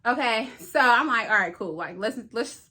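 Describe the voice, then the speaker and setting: A young woman vlogger telling a casual storytime, animated, acting out each bit of dialogue and talking straight to her viewers. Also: a little high, normal speed.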